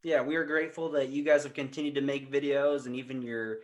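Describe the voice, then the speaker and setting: A man hosting a podcast, asking his guests questions in a relaxed, casual way. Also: mid-range voice, fast talker. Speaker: podcast host.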